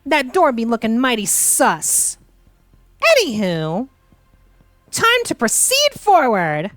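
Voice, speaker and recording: A woman's voice: on the high side, huge pitch swings, measured pace, fairly bright tone, dry recording, faint music behind. A young woman playing through a game with playful, theatrical, teasing commentary. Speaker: gaming streamer. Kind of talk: let's play commentary.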